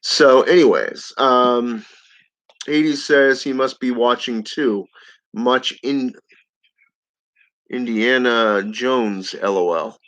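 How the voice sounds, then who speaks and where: A man's voice: mid-range voice, slow pace, long pauses, a bit bright. A man hosting his channel, reading viewer comments aloud in a casual live-stream chat and chuckling often. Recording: dull lo-fi audio.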